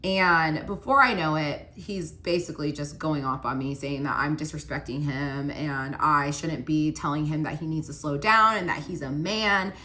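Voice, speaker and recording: A woman's voice: low-pitched, normal speed, few pauses, sharp tone. Chatty young woman telling a story. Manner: chatty, frequent "like" fillers, acts out quoted dialogue. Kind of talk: casual storytime.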